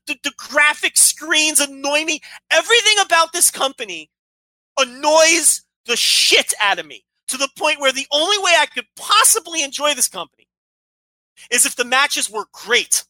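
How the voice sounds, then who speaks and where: A woman with a high, bright and sharp voice rants in a heated, profane way as a podcast co-host. The sound is dry and close, with no room around it. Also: dry recording, rough recording. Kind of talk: casual podcast chat.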